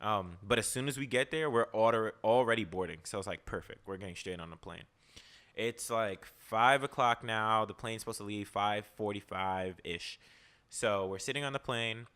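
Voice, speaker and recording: A young man hosting a podcast, telling a story in casual chat, animated and profane, full of "like" and "yo". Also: on the low side, moderate pace, clear, resonant tone. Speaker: podcast host.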